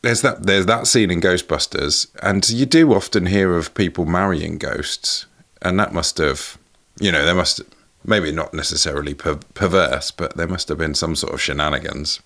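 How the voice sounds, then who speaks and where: A man's voice: low voice, normal speed, bright, forceful tone. A man co-hosting a podcast, musing and rambling in casual chat. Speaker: podcast co-host.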